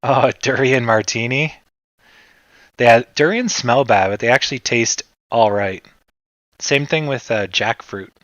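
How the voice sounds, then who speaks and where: Man, from Canada, livestream host, unhurried rambling chat, dry dull home recording. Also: medium pitch, no room sound. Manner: relaxed rambling, reacts to chat.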